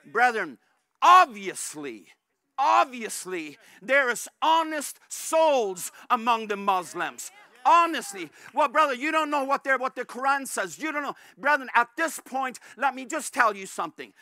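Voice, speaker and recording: A male pastor delivers an impassioned sermon, calling out to his brethren again and again and building to shouts. His voice sits high and rings hard and forceful. The sound is close and dry. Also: lively intonation, normal speed, no echo. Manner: fervent, repeatedly calls out "brethren"; rises to shouts at climaxes.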